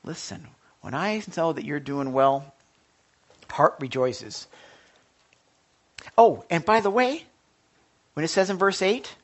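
A male pastor delivering a sermon in an animated way, swinging between loud emphasis and soft, quiet asides. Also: a little high, takes it slowly, pauses often.

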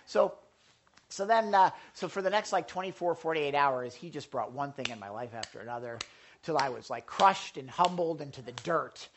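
A man with a fairly high voice preaches a casual sermon to a congregation at normal speed. He is animated and jokey, swinging between loud and quiet.

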